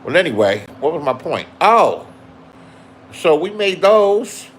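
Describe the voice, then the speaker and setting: A man's voice: on the high side, big pitch swings, takes it slowly, slight background noise. Rambling, profane man in his sixties. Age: 60s. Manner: profane, reminiscing, loose and chatty. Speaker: vlogger. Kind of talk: casual rambling monologue. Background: music playing.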